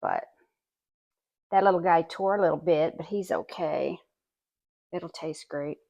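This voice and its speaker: A woman's voice: sits low, a little slow, gravelly, mellow, highs cut off. A woman vlogger chatting casually in her home kitchen as she bakes and tastes, talking with her mouth full now and then. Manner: chatty and homey, talks while tasting. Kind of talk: casual cooking demonstration.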